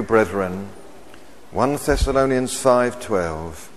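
Slow, emphatic male preacher in a reverberant hall. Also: lowish voice, expressive. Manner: measured, emphatic, repeats key phrases. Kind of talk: sermon.

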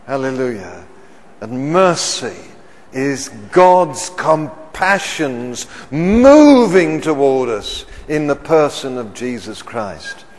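A man preaching a sermon. He keeps asking the congregation questions and swells loud on the words he stresses. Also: medium pitch, sing-song, slow pace. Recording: reverberant church hall.

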